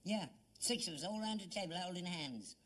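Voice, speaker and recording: An older man with a London Cockney accent plays an elderly father in a 1970s British sitcom, earnest and stubbornly defensive. His voice is high and a bit bright, with lively intonation and a slightly fast pace.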